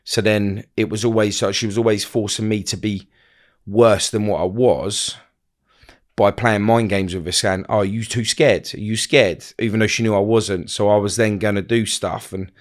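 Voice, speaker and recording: Halting, low-voiced man. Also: steady tone. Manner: rambling, halting, many fillers and restarts. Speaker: interview guest. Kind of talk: casual storytelling interview.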